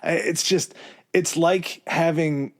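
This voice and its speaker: A male co-host presents history on a casual podcast, going at a slow pace in a fairly high voice with fairly even intonation. He keeps it loose and conversational, with fillers and asides.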